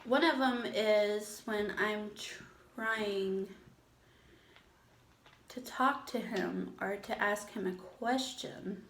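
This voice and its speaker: A woman's voice: mid-range voice, echoey room, slight background noise. A woman hosting an eating show, chatting casually and teasing her husband, exclaiming as she talks. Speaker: mukbang host. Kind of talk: casual chat.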